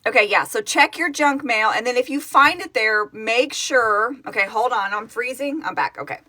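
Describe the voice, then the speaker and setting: Speaking a bit high at a moderate pace, this Oklahoma project founder has a pushed, bright tone. She's a middle-aged woman livestreaming casually from her phone at home, wandering through answers to viewers' comments and often catching and fixing her own words.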